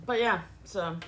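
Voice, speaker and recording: A woman's voice: a little high, pushed and bright, a little hiss or hum. A woman streaming live and chatting casually with her viewers, profane and playful, teasing them back and repeating words to check how she says them. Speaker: livestreamer reading chat.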